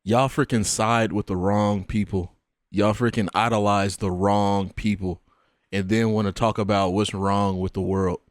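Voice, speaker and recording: A man reacting to a dating show, mocking and swearing in an animated way. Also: lowish voice, unhurried, dry recording, studio quality. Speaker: reaction streamer.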